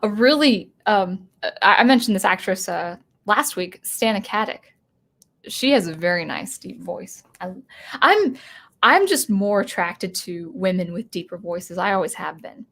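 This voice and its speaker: Female streamer, mid-range voice, unscripted commentary, thinks out loud with frequent restarts. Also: medium pitch, animated, vocal fry. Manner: thinking aloud, halting with restarts. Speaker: channel host and teacher. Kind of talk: live-stream commentary answering chat.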